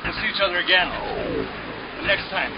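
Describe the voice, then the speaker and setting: A man's voice: high voice, fairly quick, noisy background, close to an everyday voice. A man playing a menacing long-haired male vampire who makes ominous threats. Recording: dull lo-fi camcorder sound.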